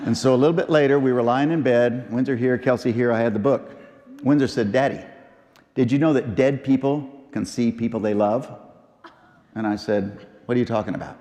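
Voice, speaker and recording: Middle-aged male pastor, memorial sermon, emphatic pauses, mellow tone, big church echo. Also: medium pitch. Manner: storytelling, repeats phrases, slow emphatic pauses. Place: large church. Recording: long church reverb.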